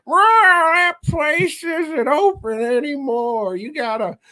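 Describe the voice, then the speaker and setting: A shrill, squeaky old cat lady, eccentric and fussy, as a man puts her on in a podcast retelling. Her voice jumps far above his normal pitch and sounds thin and strained. It comes off as a mocking sketch, not a polished performance. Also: takes it slowly, sharp tone, heavily acted. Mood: chirpy. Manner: high squeaky mock voice.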